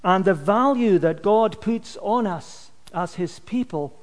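Man, sermon, high-pitched voice, earnest, emphatic, phrase ends drop off, long hall reverb. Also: lively intonation, slow. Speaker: preacher.

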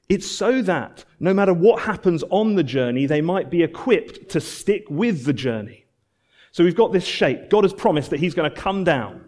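A man preaching a sermon, earnest and emphatic, repeating phrases and dropping to soft, low endings.

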